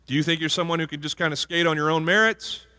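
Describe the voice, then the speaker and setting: A man's voice: on the high side, fairly even intonation, quick pace, sharp tone. A male pastor giving a conversational sermon and asking the congregation questions. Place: church sanctuary. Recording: hall reverb from a church.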